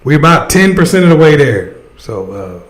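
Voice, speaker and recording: A man's voice: fairly high pitch, big pitch swings, moderate pace. A man hosting a casual livestream, giving advice and talking straight to his chat. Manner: conversational, addresses chat directly. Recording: echoey room sound.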